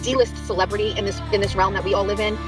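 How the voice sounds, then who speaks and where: A woman's voice: medium pitch, steady tone, fast, over loud music, rough recording. A woman streamer giving casual commentary in a chatty, rambling way, with many fillers. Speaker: streamer recounting an argument.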